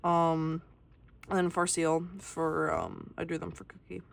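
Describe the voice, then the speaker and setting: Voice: mid-range voice, flat delivery, a little slow, vocal fry. A young adult artist giving a casual, rambling tour of a sketchbook and swearing freely along the way.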